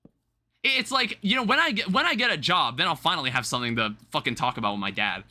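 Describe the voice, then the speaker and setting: A man's voice: fairly high pitch, very animated, quick pace, pushed and bright. A young man rambling through casual live-stream chat, swearing offhandedly as he talks to viewers from home. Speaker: livestreamer.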